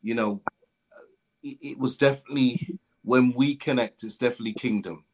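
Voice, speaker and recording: A man speaking as a guest on a stream, halting and repetitive, with frequent fillers. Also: mid-range voice, a little hiss or hum. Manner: halting, with many fillers and repeated words. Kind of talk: casual conversation on a stream.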